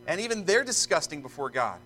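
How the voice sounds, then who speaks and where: A man's voice: a little high, very animated, fairly quick, sharp tone, rough recording. A male pastor reading scripture solemnly and then preaching earnestly to a church congregation, repeating himself as he presses a point.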